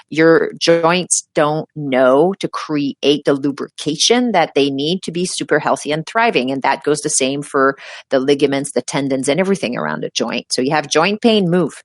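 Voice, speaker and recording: Deep-voiced and recorded cleanly in a studio with no echo, a middle-aged woman talks as a guest in a casual interview. She's a healthcare provider whose advice comes across animated and emphatic, and she dramatizes her patients when quoting them.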